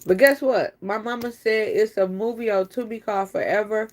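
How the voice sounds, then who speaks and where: A woman's voice: medium pitch, brisk, hardly any pauses, a little mellow. A woman hosting a casual live stream, chatting loosely with her audience. She teases friends and speaks straight to the viewers.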